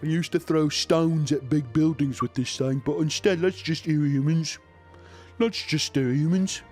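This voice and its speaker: A man's voice: on the high side, steady tone, measured pace, a little mellow, soft background music, close to an everyday voice. A man putting on a flippant catapult operator who suggests launching people in an offhand, sing-song way.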